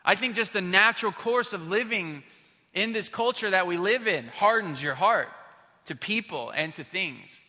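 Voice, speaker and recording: A man in his thirties delivers a sermon in a loose, conversational manner, leaning on fillers and jokes at his own expense. His voice sits a little high for a man and sounds very bright and forceful. A long reverb trails behind him, as in a large hall. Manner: conversational, self-deprecating storytelling with many fillers. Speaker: pastor.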